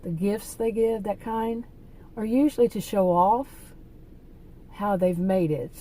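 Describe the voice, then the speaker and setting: A woman's voice: mid-range voice, measured pace, dark tone, rough recording. A woman hosting her own channel, telling a story in a casual, rambling monologue with many fillers and restarts, talking straight to her viewers. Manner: chatty, talks straight to viewers. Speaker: channel host telling stories.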